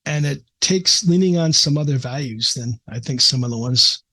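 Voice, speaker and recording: Husky-voiced man telling a story. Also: mid-range voice, normal speed, bright, forceful tone. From American Midwest. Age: middle-aged. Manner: earnest, emotional storyteller, frequent restarts. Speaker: psychiatrist guest. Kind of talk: casual interview storytelling.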